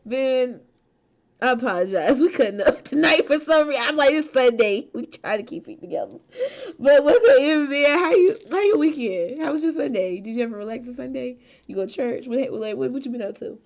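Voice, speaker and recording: A woman's voice: high-pitched, expressive, a little fast. A woman hosting a casual stream chat, laughing often, swearing freely and teasing her friends. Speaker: streamer host.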